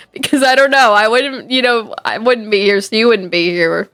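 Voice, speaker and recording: A woman's voice: on the high side, unhurried, pauses often, fairly bright tone. A woman streamer, chatting playfully with her viewers, teasing and laughing a lot. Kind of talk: casual live-stream chat while gaming. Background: faint game music.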